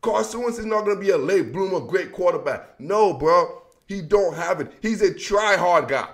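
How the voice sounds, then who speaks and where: A man's voice: high-pitched, lively intonation, moderate pace. A man hosting an emotional, heated sports rant, talking straight to his viewers in loose slang. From Washington DC area. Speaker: sports commentary host.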